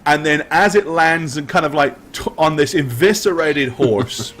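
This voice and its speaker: Slightly high-voiced male game master. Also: a bit bright, a little hiss or hum. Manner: vivid, drawn-out descriptions with frequent ums. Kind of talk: narrating a tabletop game.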